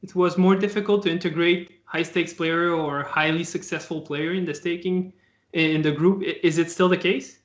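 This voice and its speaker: A man's voice: a little high, steady tone, normal speed. A man interviewing as a performance coach, asking questions hesitantly with many small restarts. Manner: soft backchannel, hesitant question phrasing. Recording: echoey, muffled room sound.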